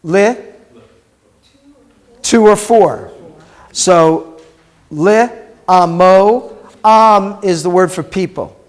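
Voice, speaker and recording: A man's voice: high-pitched, drawn-out words, pauses often. A man, a rabbi, teaching a Hebrew class and patiently explaining pronunciation step by step.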